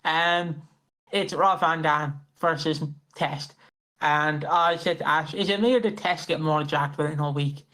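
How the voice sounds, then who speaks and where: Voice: medium pitch, steady tone, measured pace, sharp tone. A co-host chatting casually about wrestling, swearing, laughing and humming theme songs. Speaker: podcast co-host. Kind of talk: casual wrestling podcast chat.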